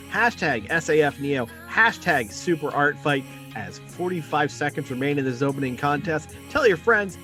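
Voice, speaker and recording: A man's voice: fairly high pitch, a bit bright. A man hosting a live art battle stream with jokey, announcer-style commentary, stretching words for effect.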